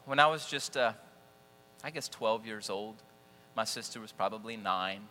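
A man preaching a sermon, telling personal stories in an animated, folksy, self-deprecating way. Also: fairly low pitch, a little slow. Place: church. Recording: echoey church hall with faint mains hum.

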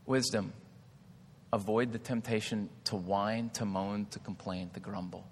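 A man's voice: lowish voice, steady tone, measured pace, long reverb tail, a little hiss or hum. A man preaching a sermon in a conversational way, asking the crowd questions and leaning on "like" as a filler. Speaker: pastor.

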